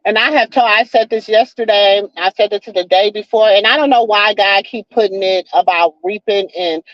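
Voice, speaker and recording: This livestream host is a woman with a medium-pitched voice and a moderate pace, chatting folksily and preachily to viewers she calls baby and child. She often repeats "you know what I'm saying"; the sound is dull, lo-fi and free of room sound.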